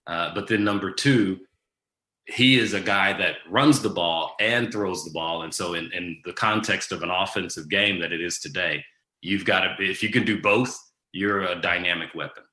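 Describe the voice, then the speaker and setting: A man's voice: deep voice, moderate pace, bright, forceful tone. A man answering interview questions in a casual, easygoing way, with frequent ums and restarts. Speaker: guest. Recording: echoey room.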